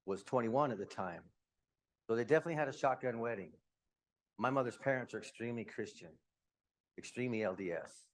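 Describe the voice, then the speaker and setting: A man in his fifties from Utah, candidly telling his own life story to a room, with quick asides. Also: mid-range voice. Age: 50s. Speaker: speaker. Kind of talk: personal story talk.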